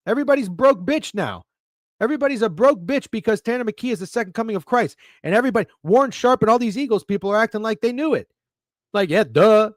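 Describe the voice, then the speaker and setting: A man hosts a sports betting stream and rants, cursing freely and dripping with sarcasm as he reads the chat. His voice sits high for a man. The sound is close and dry, with no room around it. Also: no room sound. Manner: profane, ranting, sarcastic. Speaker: sports betting show host. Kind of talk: live-stream rant reading chat.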